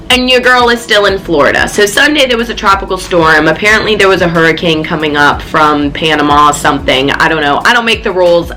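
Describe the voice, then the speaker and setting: Emphatic young woman vlogger, bright voice. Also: lowish voice, rough recording. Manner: animated, emphatic, swears freely. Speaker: fitness vlogger. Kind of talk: casual vlog storytelling.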